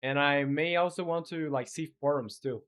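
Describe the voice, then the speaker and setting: Pitched a little high and a bit bright, a male game developer for whom English is a second language live streams his coding, thinking aloud and chatting with viewers in hesitant speech full of fillers.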